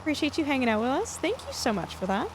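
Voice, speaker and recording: A woman game streamer with a somewhat high voice chats casually with her viewers. Her talk is loose and rambling, full of fillers as she works through answers. Faint noise sits under the voice. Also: sing-song, fast talker. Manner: chatty, loose, lots of fillers while answering chat. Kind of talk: casual live-stream chat while gaming.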